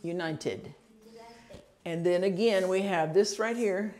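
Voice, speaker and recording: A woman teaching a citizenship class in a ministry center, sounding words out slowly and clearly, syllable by syllable, and encouraging her students. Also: medium pitch, darkish tone. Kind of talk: patient pronunciation drilling.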